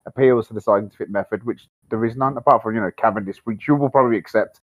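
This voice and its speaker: A fast-talking man with a Birmingham accent, tumbling through half-finished sentences in a heated live-stream debate. His voice comes through a slightly dull, lo-fi mic with a dry, close sound. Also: on the low side, dry recording. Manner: rambling, halting, easily riled.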